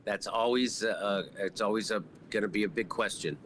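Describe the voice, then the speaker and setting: A man's voice: fairly low pitch, moderate pace, fairly bright tone, a little hiss or hum. A man appearing as a comedian guest over a video call, rambling with many fillers. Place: room at home.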